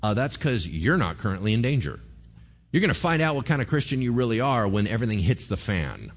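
A man's voice: on the low side, very animated, fairly quick. A man preaching a sermon in a casual, conversational way, with slang and playful asides. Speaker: pastor.

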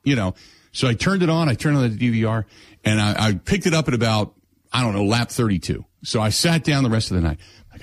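A man's voice: medium pitch, brisk, no room sound. A middle-aged man, hosting a casual chat and acting out his own stories. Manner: animated storyteller, acts out his own lines. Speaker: radio show host.

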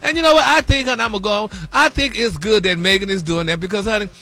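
A sassy, flamboyant man spills celebrity gossip on the radio, sprinkling honey and y'all through every sentence. His voice sits high and comes across bright and punchy. A faint music bed hums behind him. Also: fast talker. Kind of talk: comic radio gossip segment.

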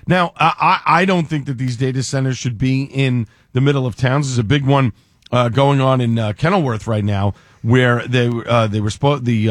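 A man's voice: mid-range voice, no room sound, clean studio sound. A man giving casual political commentary as a radio guest, rambling with many fillers and restarts, and quoting others in put-on voices.

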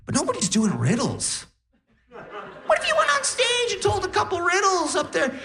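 A woman's voice: very high voice, wildly swooping pitch, normal speed, sharp tone, pitched above the performer's own voice, heavily acted. A man voicing his mother as a pushy, matter-of-fact woman. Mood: bossy. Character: middle-aged mother, bossy and pleased with herself.

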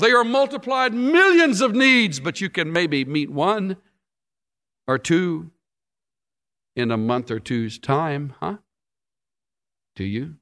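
A man preaching a sermon, telling stories with big rising climaxes and sudden hushed drops. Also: mid-range voice. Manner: storytelling with sweeping rises and sudden quiet drops.

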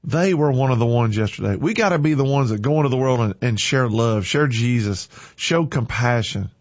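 A man's voice: mid-range voice, animated, a little fast, dry recording, dull audio. A man speaking emotionally on air, fighting back tears as he talks in a fervent, folksy way. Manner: fervent, tearful, folksy and heartfelt. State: teary-eyed, crying.

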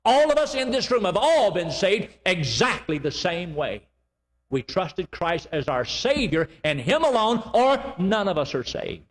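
A man preaching a sermon, emphatic and repetitive, with sudden loud rises and slow, drawn-out lines. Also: high-pitched, sing-song, in a large hall.

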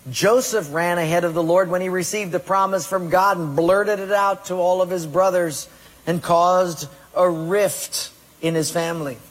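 A male pastor delivers a sermon and asks his congregation direct questions. His voice sits high and sounds husky. Long hall reverb trails after every phrase. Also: steady tone, normal speed.

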